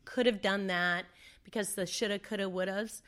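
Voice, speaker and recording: A woman's voice: mid-range voice, steady tone, normal speed, a bit bright. A middle-aged woman telling a personal story in an interview, conversational with many fillers, acting out what people said. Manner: conversational, with fillers and re-enacted dialogue. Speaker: interview guest.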